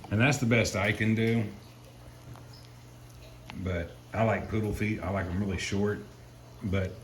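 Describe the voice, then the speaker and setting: A man, chatting casually to the camera and his dog while he grooms it indoors. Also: lowish voice. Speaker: dog groomer and pet owner. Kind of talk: casual vlog narration. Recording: echoey room with loud ambient noise.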